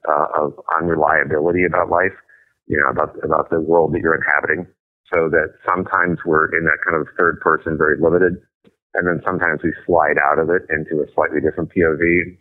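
A middle-aged man with a very deep, low voice speaks bluntly and emphatically, swearing freely as a guest author in a casual chat. His voice comes through a thin, tinny line that sounds like a telephone.

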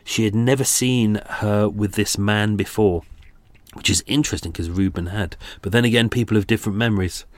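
A man's voice: on the low side, steady tone, fairly quick, no echo. A man in his forties hosting a true-crime podcast, talking casually with many restarts and self-deprecating asides. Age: 40s. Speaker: podcast host.

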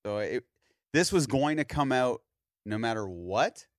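Animated man telling a story, very dry sound. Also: medium pitch, a little slow, dry recording. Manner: animated storyteller, acts out other people's lines. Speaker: podcast host. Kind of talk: casual storytelling chat.

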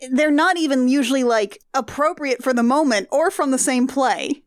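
Podcast co-host, woman: casual, chatty, slightly high-pitched and disbelieving. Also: animated, normal speed, no room sound, clean studio sound. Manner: chatty, trailing 'like' fillers, incredulous questions. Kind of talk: casual comedic chat.

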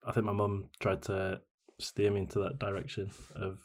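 A man chatting in a relaxed, easygoing way. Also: low voice, moderate pace. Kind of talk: casual podcast chat.

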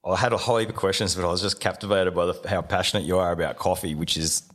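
Deep-voiced podcast host. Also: male voice, steady tone, fast, a bit bright. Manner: laid back, swears casually, short agreeing replies. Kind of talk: casual interview chat.

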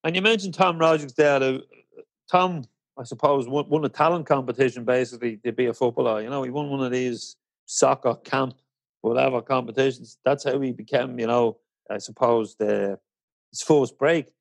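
A man's voice: medium pitch, fairly even intonation, moderate pace, creaky, no echo. A man hosting a podcast interview, asking chatty, friendly questions. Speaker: podcast host. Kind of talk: casual interview.

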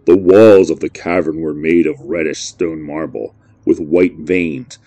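A man with a very low, deep voice reads a horror story in a measured, brooding way. The recording is dry and close, with no room sound. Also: fairly even intonation, dark tone, no echo. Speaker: narrator.

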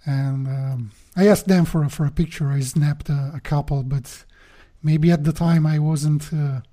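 A man's voice: on the high side, fairly even intonation, unhurried, warm tone. A man talking with the host over a video call, hesitant and often repeating words as he searches for them. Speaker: podcast guest. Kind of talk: casual conversation.

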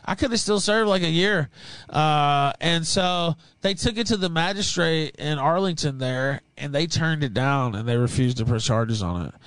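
A man's voice: a little high, lively intonation, moderate pace, fairly bright tone, clean tone, no room sound, rough recording. Blunt, profane man telling a story. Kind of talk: casual podcast chat.

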